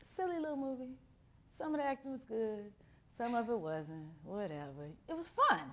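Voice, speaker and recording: A middle-aged acting teacher from Miami talks at an even, normal speed, her pitch lively and swooping. She's an expressive storyteller who keeps breaking into little acted scenes, performing quotes in an animated class talk full of anecdotes.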